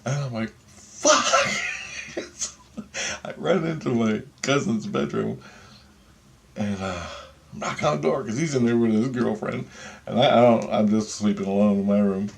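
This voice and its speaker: A man casually telling a vlog story, animated and full of swearing. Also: on the low side, moderate pace, creaky, slight background noise. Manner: profane, animated retelling of a dream. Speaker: vlogger.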